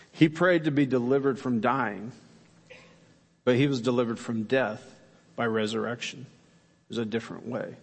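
A man preaches a sermon in a gravelly, mid-pitched voice, earnest and emphatic as he puts rhetorical questions to his listeners. His words ring out with the long reverb of a large church sanctuary. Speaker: pastor.

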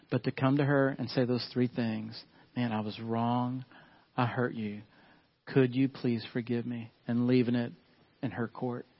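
A middle-aged man, a pastor, preaching a casual storytelling sermon in church. He chuckles often and addresses the congregation as y'all. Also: medium pitch. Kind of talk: conversational sermon. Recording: slightly muffled recording.

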